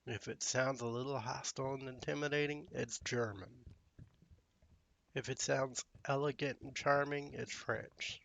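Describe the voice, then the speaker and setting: A man's voice: medium pitch, fairly even intonation, measured pace, vocal fry, a bit bright. A man hosting a gaming channel, rambling and musing aloud in casual commentary while he plays.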